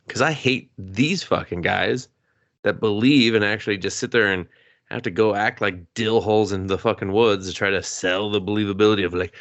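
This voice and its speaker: A man's voice: lowish voice, moderate pace, fairly bright tone, dry recording. A man co-hosting a movie review podcast, ranting in a sarcastic, profane, casual way. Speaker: podcast co-host.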